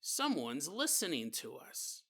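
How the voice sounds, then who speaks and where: A man voicing a creepy, murderous male convict who talks slowly and in a hushed, menacing way. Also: fairly high pitch, huge pitch swings, slightly rough, exaggerated voice. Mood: eerie hushed.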